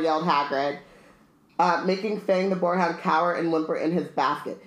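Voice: mid-range voice, fairly even intonation, moderate pace, fairly bright tone, roomy sound, low-quality recording. A podcast co-host reading a novel aloud and chatting casually about it. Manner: casual and chatty, reads dialogue plainly. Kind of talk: casual read-aloud and book chat.

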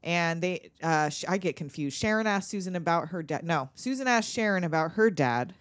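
A woman's voice: fairly low pitch, expressive, normal speed, dry recording. A woman co-hosting a podcast, recapping a film in casual chat, swearing freely and laughing often. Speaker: podcast co-host.

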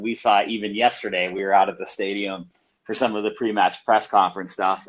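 A man's voice: deep voice, fairly bright tone, highs cut off. A man co-hosting a casual live show, talking in a rambling, anecdotal way full of fillers. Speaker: soccer reporter co-hosting a live audio show. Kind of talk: casual match preview chat.

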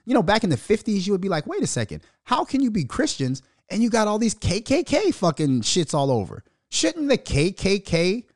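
A man's voice: fairly high pitch, no echo. Guy ranting hard on his podcast, cussing nonstop, voice jumping all over, dry close mic. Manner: aggressive, profane and venomous. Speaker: podcast host. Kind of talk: heated podcast rant.

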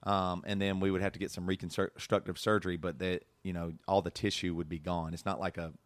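Man, podcast host, heartfelt casual talk, lower voice, dry recording. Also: level tone, fairly quick, no room sound. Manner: earnest, emotional storytelling with many restarts.

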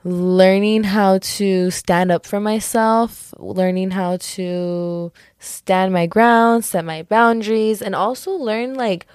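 A young woman chats alone on her podcast in a loose, rambling way, stacking filler words and laughing off her own remarks. Her voice sits at an ordinary middle pitch. The sound is dry and close, with no room around it. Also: slow, few pauses, a little mellow, clean tone, no echo. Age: young adult. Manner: rambling, giggly, self-correcting, lots of "like" and "just kidding". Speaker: podcast host. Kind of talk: casual solo podcast chat.

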